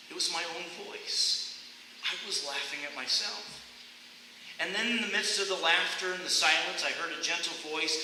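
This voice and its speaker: A pastor delivering an impassioned sermon in a church, his voice rising to loud cries at times. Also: a little high. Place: church sanctuary. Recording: echoey church hall with faint noise.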